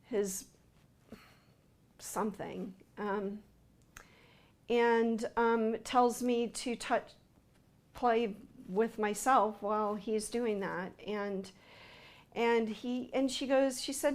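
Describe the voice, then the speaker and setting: A woman recounting a personal account in an interview, speaking haltingly with frequent fillers and restarts. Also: a little high, fairly even intonation.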